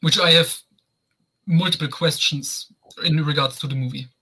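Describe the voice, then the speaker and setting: Husky bright-voiced man. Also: on the high side, steady tone, normal speed, low-quality recording. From Germany. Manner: wry, chuckling asides. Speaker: podcast co-host. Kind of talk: casual film review chat.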